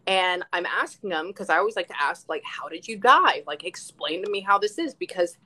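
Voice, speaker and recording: Animated woman telling a medium's story. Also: fairly low pitch, a little fast, poor audio. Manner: animated storytelling, swears freely, acts out quotes. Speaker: psychic medium. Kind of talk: casual live-stream chat.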